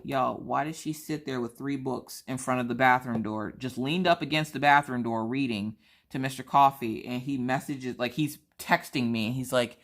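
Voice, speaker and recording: A woman's voice: rumbling low, brisk. A woman, telling family stories in a casual chat and acting out her family's voices. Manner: animated, acts out family members' voices. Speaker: vlogger.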